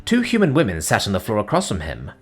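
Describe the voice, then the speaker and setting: A man reads a science fiction story in a dramatic audiobook style. His low voice rises and falls in a very animated way. Soft music plays beneath the narration. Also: quick pace, slightly rough. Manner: dramatic, expressive.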